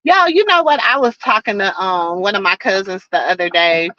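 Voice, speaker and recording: A woman's mid-range voice comes through brisk, pushed and bright as she hosts a live stream with no echo, though the audio is dull and lo-fi. She chats in a folksy, preachy style, calling viewers baby and child and repeating "you know what I'm saying."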